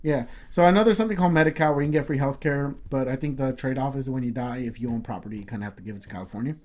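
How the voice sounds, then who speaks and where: A man's voice: medium pitch, rapid-fire, darkish tone. A man co-hosting a casual podcast, telling a long story with many fillers, restarts and swear words. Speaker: podcast co-host.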